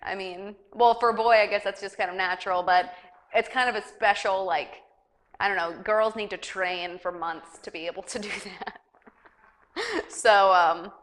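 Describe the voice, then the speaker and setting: A woman's voice: mid-range voice, fairly even intonation, moderate pace, a bit bright, a little hiss or hum. A young woman hosting a casual news chat show, rambling and giggly, with lots of fillers. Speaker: talk show host.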